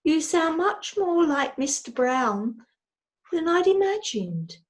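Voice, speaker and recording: A woman voicing a polite, gentle young bear in a storybook reading, speaking with courteous wonder. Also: very high voice, sing-song, slow pace, voice pushed up, full character voice.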